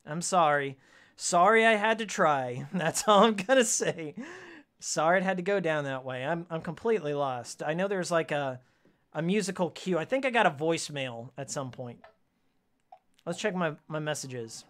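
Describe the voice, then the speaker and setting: A man's voice: a little high, expressive, moderate pace, a bit bright. A man streaming a video game, chatting casually with his viewers in a heated, sarcastic rant with frequent laughs. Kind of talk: casual live-stream chat while playing.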